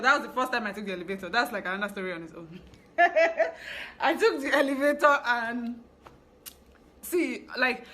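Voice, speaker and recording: A young woman with a Nigerian English accent, telling a story from her fashion business in a casual, chatty vlog. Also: medium pitch. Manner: chatty, animated storytelling with asides. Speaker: fashion business owner vlogger.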